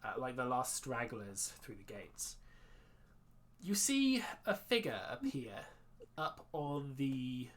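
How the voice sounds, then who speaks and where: Relaxed tabletop game master narrating. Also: medium pitch, slow. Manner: relaxed, with many fillers. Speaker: dungeon master.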